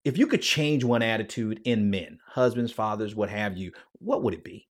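A man's voice: fairly low pitch, animated, normal speed. Affirming male interview host. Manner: affirming interviewer, frequent soft "mm-hmm" and "wow". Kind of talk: radio interview hosting.

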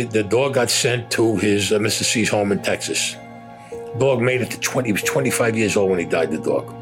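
An older man, a war veteran, telling a story in an interview in a blunt, profane way, cursing constantly. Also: fairly low pitch.

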